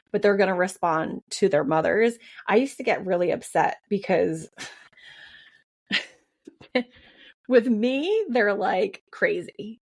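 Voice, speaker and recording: A woman in her thirties hosts a casual podcast chat. She talks in a loose, rambling way, full of fillers and restarts, in a voice that sits right in the middle of the range. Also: mid-range voice. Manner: chatty, lots of fillers and restarts. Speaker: podcast host.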